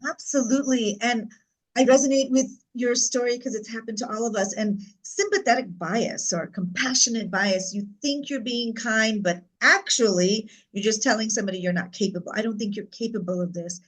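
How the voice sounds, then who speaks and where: Higher-voiced woman moderating a panel. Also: moderate pace, low-quality recording. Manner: affirming, reflective. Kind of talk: panel discussion.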